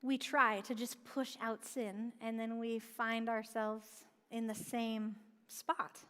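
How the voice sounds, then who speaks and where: High-voiced woman preaching in a reverberant church. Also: level tone, slow pace, fairly bright tone. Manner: earnest, asks questions and answers them. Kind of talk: sermon. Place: church sanctuary. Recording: long church-hall reverb.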